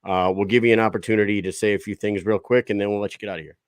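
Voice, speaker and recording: Cursing, lively male podcast host. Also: lowish voice, racing, no echo. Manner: profane, lively banter. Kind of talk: casual interview chat.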